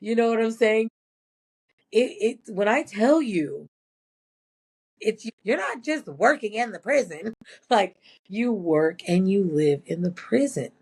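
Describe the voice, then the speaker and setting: A woman's voice: mid-range voice, lively intonation, slow pace, a little mellow, husky. A former prison nurse, a woman, telling blunt and profane stories in a casual interview.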